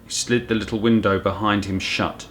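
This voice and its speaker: A man, a primary school teacher, reading a children's storybook aloud with animated storytelling. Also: lowish voice, normal speed.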